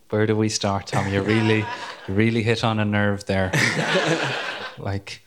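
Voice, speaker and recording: An Irish man telling a comic story, animated and self-mocking as he builds to punchlines. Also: fairly low pitch. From Ireland. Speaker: comedian guest.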